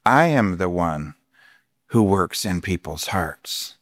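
A man voicing God as a gentle, calm presence, speaking in a hushed, slow, tender way. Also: low voice, no echo, studio quality, voice pushed down, heavily acted.

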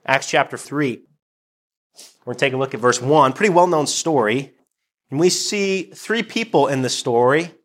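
Man, middle-aged, pastor, soft-spoken sermon, medium pitch. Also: lively intonation, moderate pace.

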